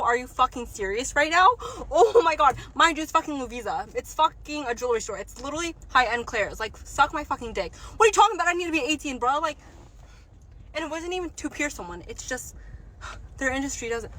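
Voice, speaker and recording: Teen girl, seventeen, high-pitched, bright voice, profane animated rant to a phone. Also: normal speed, rough recording. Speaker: job seeker. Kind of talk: casual rant to camera.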